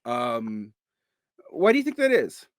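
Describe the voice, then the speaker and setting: A man's voice: mid-range voice, wildly swooping pitch, slow, no room sound. A man hosting an interview, asking long questions hesitantly, searching for words with frequent ums. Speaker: host.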